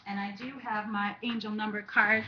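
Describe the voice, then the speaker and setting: A woman's voice: medium pitch, little pitch movement, normal speed. Earnest American woman giving a tarot reading. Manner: earnest, affirming, repeats encouraging phrases. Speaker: tarot life coach. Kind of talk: weekly spiritual tarot reading to camera. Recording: slightly dull home video audio with faint hiss.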